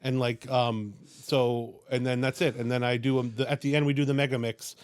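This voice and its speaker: A man's voice: mid-range voice, level tone, normal speed, clear, resonant tone, no echo, studio quality. A man who acts on stage, a guest in casual chat, self-deprecating and trailing off with fillers.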